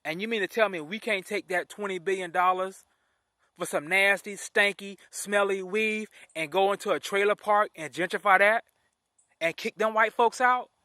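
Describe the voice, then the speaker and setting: In a dry, studio-quality clip, a vlogger with a high, sharp-toned voice rants to camera at a moderate pace. He sounds indignant, restarting phrases and repeating himself as he airs his opinions.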